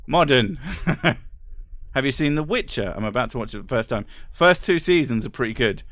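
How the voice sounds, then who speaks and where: A man talks loosely and bluntly on a stream, swearing freely and breaking into short laughs. His voice sits at an ordinary pitch and the sound is close and dry, with no room in it. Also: animated, normal speed, a bit bright, no room sound. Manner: blunt, profane ranting with laughs. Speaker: streamer reading chat. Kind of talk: casual livestream chat.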